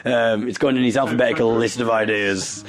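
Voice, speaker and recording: A man's voice: medium pitch, fairly quick. A man with a Teesside accent hosting a podcast and bantering with guests in a hotel bedroom. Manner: jokey, teasing, lively banter. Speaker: podcast host. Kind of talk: casual chat.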